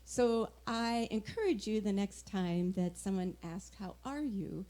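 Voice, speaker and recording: A woman's voice: medium pitch, expressive, measured pace, warm tone. A woman speaking at a church service, telling a personal story about gratitude in an earnest, conversational way. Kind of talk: casual storytelling talk.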